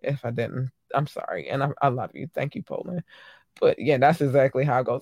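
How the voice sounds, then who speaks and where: A woman hosting her own podcast in casual solo chat, giving effusive shout-outs to listeners with frequent ums and sudden animated bursts. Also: extremely low pitch, a little fast, dry recording. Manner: animated, swings into loud excited bursts. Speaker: podcast host.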